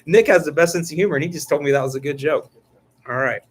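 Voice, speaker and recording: A man's voice: fairly high pitch, fast talker. A middle-aged man hosting a casual live-stream chat about lawn care, joking and rambling with frequent restarts. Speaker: lawn care channel host.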